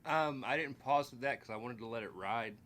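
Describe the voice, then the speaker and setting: A man's voice: medium pitch, brisk, a bit bright. A man hosting a music reaction video, talking candidly and loosely, with casual swearing.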